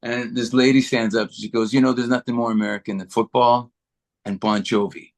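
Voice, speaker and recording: A middle-aged man from Canada, a guitarist being interviewed, chatting in a relaxed, rambling way with many restarts. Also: mid-range voice, brisk, vocal fry. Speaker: guitarist guest. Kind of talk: casual interview chat.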